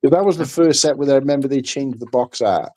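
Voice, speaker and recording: A man from the United Kingdom co-hosting a casual livestream chat, telling animated stories and swearing freely. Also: mid-range voice, fast.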